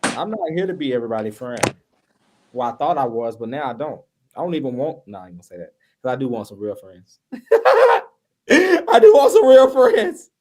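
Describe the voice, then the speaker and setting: Talk show host guy, super lively pitch, jokey and pleading. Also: quick pace. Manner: animated, laughing, pleading. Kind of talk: casual chat.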